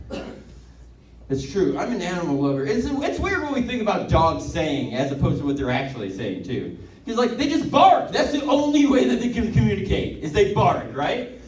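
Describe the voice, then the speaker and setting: An excitable male comedian working through a stand-up set, chuckling at his own jokes and drifting into rambling asides. His voice sits very high and bounces around constantly. He is heard from a distance in an echoey room. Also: slight background noise.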